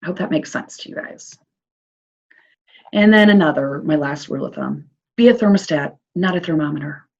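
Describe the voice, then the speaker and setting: A woman's voice: low-pitched, moderate pace, creaky, a little mellow. A woman social worker giving an upbeat, encouraging talk to parents, chatty with fillers, with a Midwestern American accent. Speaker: early childhood social worker. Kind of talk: recorded presentation for parents. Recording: dull lo-fi recording.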